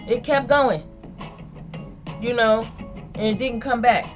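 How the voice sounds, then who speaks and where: Casual woman reader, fairly high voice, slangy and rambling, soft music underneath. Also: slow. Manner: slangy, rambling, repeats herself. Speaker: tarot reader. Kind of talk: casual monologue recounting a dream.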